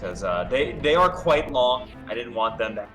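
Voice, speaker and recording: A man's voice: medium pitch, lively intonation, normal speed, a bit bright, soft background music. A man commentating a game stream, explaining the mechanics in a hesitant, explanatory way.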